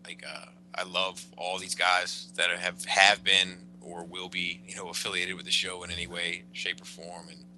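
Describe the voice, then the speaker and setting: Man, podcast co-host, halting casual talk, lowish pitch, very bright sharp tone, faint hum. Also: flat delivery, poor audio. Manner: halting, many restarts and fillers, swears.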